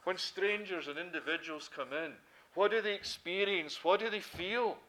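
Scottish guy preaching, fairly high voice, punchy, keeps asking why and answering. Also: moderate pace, pushed and bright. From Scotland. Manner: emphatic, rhetorical questions answered himself. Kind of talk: sermon.

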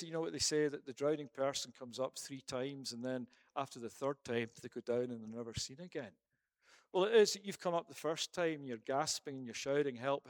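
A man's voice: mid-range voice, dry recording, clean studio sound. A man preaching a sermon and then leading a prayer, emphatic, with rhetorical questions and repeated phrases.

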